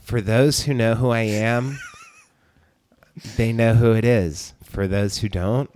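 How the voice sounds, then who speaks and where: A man with a stuffed-up nose doing an impression of his laid-back, unassuming friend in a slow, offhand voice. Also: mid-range voice, fairly even intonation, a little mellow, clear, resonant tone, natural voice.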